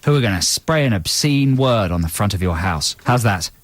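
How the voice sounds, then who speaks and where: Deadpan man cohosting comic radio, dry voice. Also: lowish voice, normal speed, no room sound. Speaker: radio co-host.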